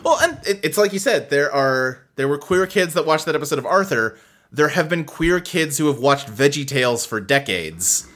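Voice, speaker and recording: Male podcast host, bright tone, animated, restless casual delivery. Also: on the high side, moderate pace. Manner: animated, filler-heavy, frequent restarts.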